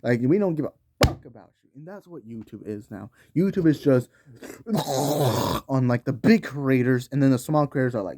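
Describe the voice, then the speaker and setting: A man's voice: mid-range voice, lively intonation, normal speed, dark tone. A man delivering a heated, profanity-laced commentary rant on video, talking in slang. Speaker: YouTube commentator.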